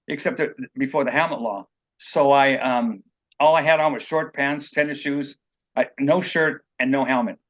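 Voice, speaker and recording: On the high side and a bit bright, the man's voice sounds dull in the recording. He is an author under interview who rambles earnestly through his own stories, dramatizing what others said.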